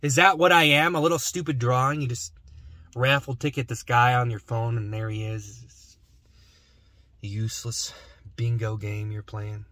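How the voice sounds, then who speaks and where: Young guy rambling jokey vlog from his car, bright tense voice, dry close sound. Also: medium pitch, steady tone, normal speed, no room sound. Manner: rambling, joking, mumbles asides. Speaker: vlogger. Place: parked car.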